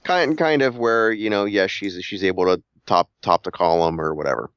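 Low, smooth-voiced male game master; stammering, casual, dry lo-fi recording. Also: a bit bright, dry recording. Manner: halting, repeats words, searches for phrasing. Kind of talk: running a tabletop game, casual. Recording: dull, lo-fi sound.

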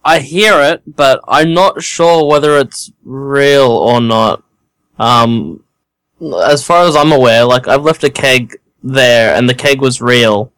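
A man's voice: medium pitch, slow, fairly bright tone, clear, resonant tone, no echo, rough recording. A man playing in a tabletop game, explaining his character's actions step by step in a casual way. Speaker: player. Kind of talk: casual tabletop role-play.

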